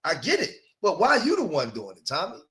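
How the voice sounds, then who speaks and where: Man commenting steadily, bright and high. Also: huge pitch swings, brisk.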